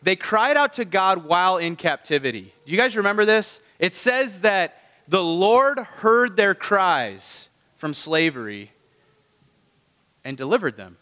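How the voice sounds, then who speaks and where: A man's voice: sits high, very animated, unhurried, sharp tone, long reverb tail. A man preaching a conversational sermon. He keeps asking the congregation rhetorical questions. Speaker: pastor.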